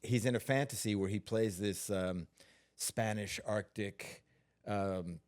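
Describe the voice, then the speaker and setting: A man, a stuntman guest, telling stories in a relaxed interview, unhurried and full of fillers and restarts. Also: on the low side.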